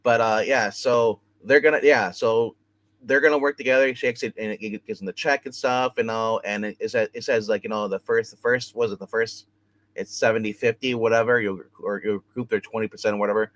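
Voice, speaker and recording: A man's voice: lowish voice, fairly even intonation, fairly quick, no echo. A man co-hosting a casual TV review chat, recapping episodes in a rambling way full of repeats and fillers. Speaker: co-host reviewing a TV show.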